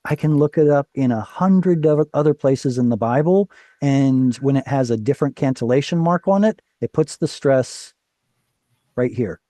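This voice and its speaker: A Hebrew teacher leads an online class over a video call, explaining step by step, questioning his students and correcting himself along the way. His voice is mellow and warm, medium in pitch and moderate in pace, sounding close and dry with no echo.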